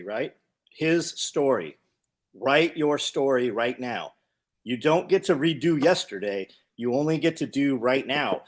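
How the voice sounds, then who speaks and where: A man in a casual podcast chat, speaking emphatically and motivationally. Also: on the high side. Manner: emphatic, motivational, repeats points.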